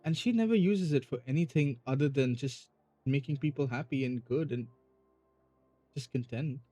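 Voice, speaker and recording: A man's voice: medium pitch, moderate pace, warm tone, no room sound, soft background music. Male gamer host, mid-range voice, earnest off-the-cuff commentary, dry close sound. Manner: earnest, thinking aloud with restarts. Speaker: let's-play host. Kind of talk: casual gameplay commentary.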